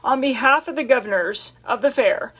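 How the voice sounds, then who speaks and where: A pompous county-fair announcer makes his speech in slow, ceremonious phrases. A woman reads him in a bright, fairly high voice. Every word is weighed and stately. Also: slightly rough. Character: male fair announcer on a loudspeaker, formal and pompous.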